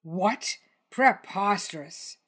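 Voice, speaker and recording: A woman's voice: mid-range voice, expressive, unhurried. Pompous T-Rex tycoon, indignant bluster, read by a woman in a storybook voice. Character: pompous huffy male T-Rex mogul.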